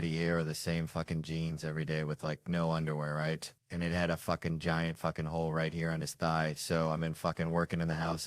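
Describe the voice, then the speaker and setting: A man's voice: very deep voice, no echo, clean studio sound. A man telling profane, rambling comic stories in a casual podcast chat. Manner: profane, rambling, animated anecdotes. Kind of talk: casual comedic storytelling.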